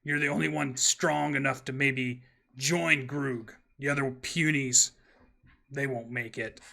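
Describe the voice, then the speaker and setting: A huge stone giant warlord booms in a gravelly, chest-beating brag, mangling his grammar like a brute, put on by a man running a tabletop game. The delivery is slow and drawn out, with a bright, forceful edge. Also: fairly even intonation, full character voice. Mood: boastful. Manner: broken brutish grammar, chest-beating bragging. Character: boastful hulking male stone giant warlord.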